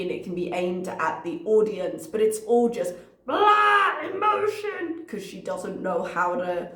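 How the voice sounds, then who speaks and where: A woman's voice: medium pitch, reverberant. A woman commentator reacting to a video in a casual, analytical way, working through her notes with frequent ums.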